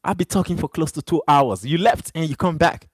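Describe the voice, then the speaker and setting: A man's voice: fairly high pitch, brisk, slightly rough, dry recording. A man hosting a live stream, arguing back at chat viewers in a heated, repetitive way, English not his first language. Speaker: livestream host.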